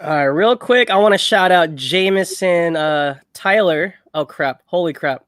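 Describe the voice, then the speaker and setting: A man co-hosting a podcast in casual chat, talking in an excitable, rambling way. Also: high voice, a little slow, smooth, no room sound, clean studio sound. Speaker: podcast co-host.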